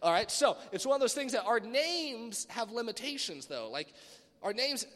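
A man with a high, bright voice gives a casual youth sermon in a hall with a long echo. He is animated and chatty, and he slips into playful voices to act out the bits of dialogue he quotes. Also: normal speed. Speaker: youth speaker.

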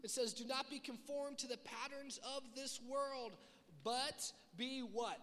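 A young man preaching a sermon to a youth group, lively and conversational, acting out the voices he quotes. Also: very high voice, measured pace. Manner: animated, acts out quoted voices. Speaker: youth pastor. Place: church hall. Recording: echoey hall.

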